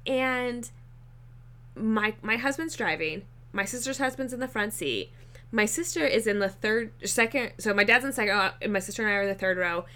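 A woman's voice: fairly high pitch, moderate pace. A woman co-hosting a casual chat, telling a road trip story with lots of swearing and filler words. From Nebraska. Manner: swears a lot, lively storytelling with frequent "like".

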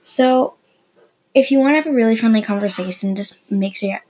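A woman hosting a podcast and teaching beginner Spanish in a chatty, explanatory way, with soft asides. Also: on the high side, brisk, slight background noise, rough recording. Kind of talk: casual beginner language lesson.

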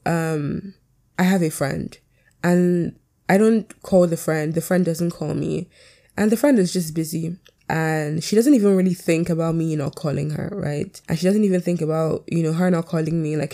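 Young woman podcasting solo, lower mellow voice, kinda teary cracky tone, lots of "like". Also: creaky. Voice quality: voice sounds close to crying, cracks. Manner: rambling, frequent "like" and "you know" fillers. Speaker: podcast host. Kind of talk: casual solo podcast chat. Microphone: poor quality home mic.

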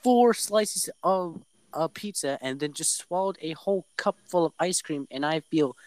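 A young man co-hosting a casual chat, excitable and jokey, often trailing off mid-sentence. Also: fairly high pitch, normal speed, no room sound. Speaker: podcast co-host.

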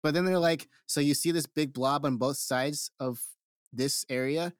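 A man's voice: on the high side, fairly even intonation, normal speed, clean tone, no room sound, clean studio sound. A man co-hosting a podcast, telling a story in crude, joking banter. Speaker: podcast co-host.

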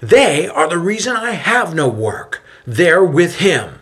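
A man voicing an angry male merchant who shouts indignant accusations in a raised voice. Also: a little high, big pitch swings, slow pace, pitched above the performer's own voice, full character voice.

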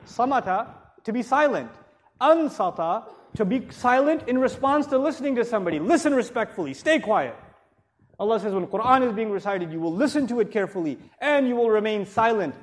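A man teaching a religious lecture to a live audience, chatty and joking, asking rhetorical questions and turning forceful when urging respect. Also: extremely high pitch, lively intonation, fairly quick. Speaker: Islamic teacher.

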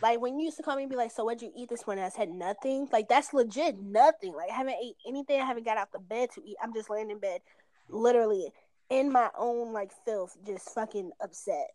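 Woman in her twenties, phone chat, rambling, heavy swearing, higher pitch, dry close sound. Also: a little fast, dark tone, dry recording. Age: 20s. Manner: rambling, swears often, says "like" constantly. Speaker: caller on a phone call.

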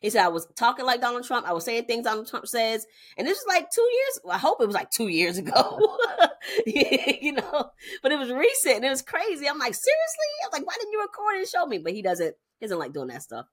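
A woman's voice: on the high side, brisk. A woman in her thirties cohosting a podcast, telling family stories in casual chat with lots of laughter. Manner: animated storytelling, frequent laughter.

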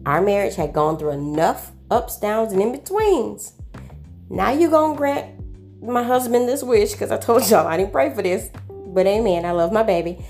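A woman sharing a personal faith testimony, animated and preachy, full of amens and call-outs to her listeners. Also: mid-range voice, moderate pace, faint music behind.

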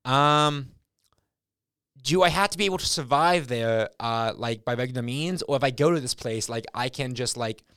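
A young man co-hosting a podcast in casual chat, joking in a deadpan, mock-serious way. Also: medium pitch, normal speed, smooth, dry recording, clean studio sound. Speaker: podcast co-host.

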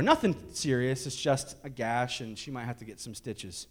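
A man's voice: a little high, fairly quick, few pauses. A man in his thirties, a pastor telling a candid family story in a sermon with jokes and restarts. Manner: candid, joking, many restarts.

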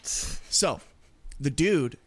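A man in his twenties, a podcast host, telling a rambling, animated story with heavy swearing. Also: a little high, extremely slow, husky, no echo. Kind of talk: casual storytelling.

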